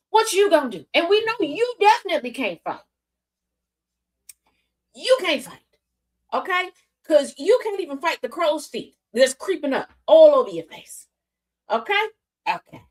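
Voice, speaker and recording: Sassy high-voiced woman news commentator. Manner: sassy, animated retelling with mimicked voices. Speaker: host.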